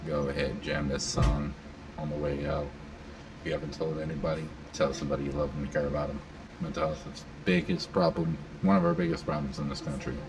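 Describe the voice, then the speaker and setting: A man's voice: very deep voice, little pitch movement, quick pace. A man hosting a live panel, talking casually and rambling with lots of fillers while he addresses the crowd. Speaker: panel host. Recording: distant mic with loud room noise.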